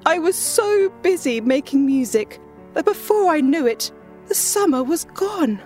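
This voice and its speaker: A woman's voice: sits high, expressive, measured pace, darkish tone, soft background music, voice pushed up. A woman voicing a lazy male grasshopper musician in a storybook, whining.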